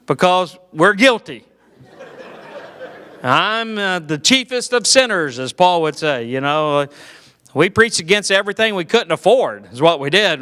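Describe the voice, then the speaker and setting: A man's voice: high-pitched, pushed and bright, clean tone. A middle-aged man with a Southern US accent, from Georgia, telling clean stand-up stories in a folksy, self-deprecating way with fillers. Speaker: comedian. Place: church hall. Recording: echoey hall.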